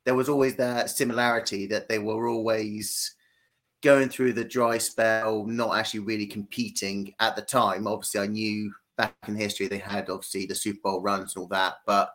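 A man from East London with an English accent, chatting casually as a podcast guest, relaxed and joking, with frequent ums. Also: on the low side, moderate pace. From East London, England. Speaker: guest, UK fan club founder.

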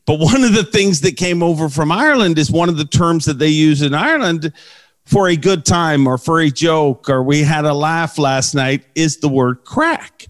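Man, podcast host, animated, joking, storytelling, slightly high voice. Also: moderate pace. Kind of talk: casual podcast chat and sign-off.

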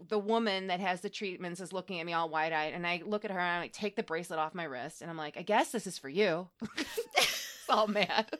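Animated, laughing woman podcast host. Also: mid-range voice. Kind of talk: casual chat, personal storytelling.

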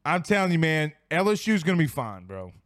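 A man's voice: a little high, very animated, brisk, no echo, clean studio sound. A tipsy young man hosting a sports livestream, reading viewer comments in a rowdy, profane, laughing way. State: tipsy from whiskey. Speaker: sports show host.

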